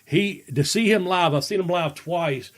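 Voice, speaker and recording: A man with a fairly high speaking voice hosts a casual podcast. He tells stories in a folksy, rambling way, often breaking into laughter. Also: moderate pace. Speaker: podcast host. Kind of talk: casual storytelling chat.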